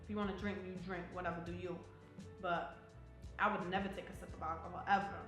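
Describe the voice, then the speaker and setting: A woman's voice: on the low side, level tone, fast talker, fairly bright tone. Blunt, profane young woman. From New Jersey. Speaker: interviewee, army soldier. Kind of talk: casual personal storytelling. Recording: roomy echo, faint music.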